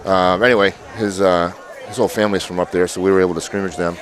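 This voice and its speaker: A man giving relaxed, chatty color commentary at a high school football game, laughing easily. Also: fast talker, a little hiss or hum. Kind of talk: sports commentary.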